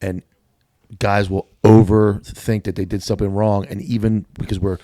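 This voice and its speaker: A podcast co-host with a low, mellow voice, recorded dry and close in the studio. He talks directly and with swearing, backing up the guest. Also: level tone, normal speed, dry recording. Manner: blunt, profane, agreeing interjections. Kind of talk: casual chat.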